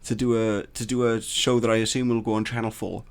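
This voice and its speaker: A man co-hosting a casual podcast chat, laid-back and chuckling, often trailing off quietly. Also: fairly low pitch, level tone, a little fast, clean tone. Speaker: podcast co-host.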